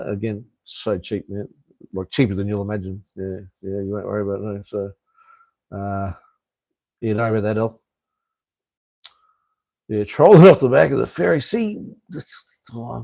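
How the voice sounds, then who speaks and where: A man's voice: medium pitch, a little mellow, no room sound. A middle-aged Australian man hosting a casual live stream, chatting with viewers as mate and brother and swearing freely. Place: home in Cambodia.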